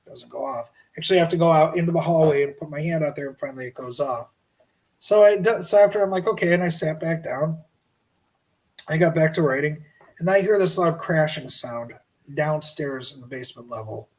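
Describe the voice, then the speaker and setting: A middle-aged man telling a paranormal story as a podcast guest, lively and animated, acting out his own shouts. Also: a little high, a little fast, rough recording.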